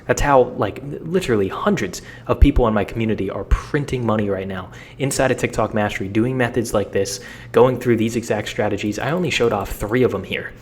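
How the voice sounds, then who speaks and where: A man's voice: fairly low pitch, fairly quick, slight background noise. Blunt, slangy young man coaching. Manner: energetic, blunt and slangy, with frequent repeats. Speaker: social media coach. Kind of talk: casual how-to talk.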